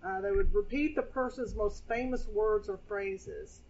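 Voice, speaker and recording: A woman pastor, preaching a casual sermon in a chatty, animated way while seated at a table. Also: medium pitch, a little slow. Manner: chatty, animated, scripture quoting. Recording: dull lo-fi sound.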